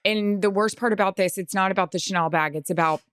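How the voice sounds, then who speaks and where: A woman's voice: medium pitch, quick pace, a bit bright, clean tone, no room sound, clean studio sound. A woman co-hosting a podcast, talking in a supportive, firm and sympathetic way. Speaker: podcast co-host. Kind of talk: casual podcast chat.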